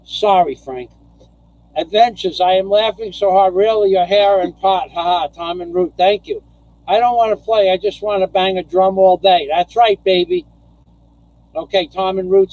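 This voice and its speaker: A man with a notably high voice hosts a casual live stream from home. He chats loosely with viewers, laughs often and breaks into profane rants. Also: a little mellow, no room sound, rough recording. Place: home in the Philippines.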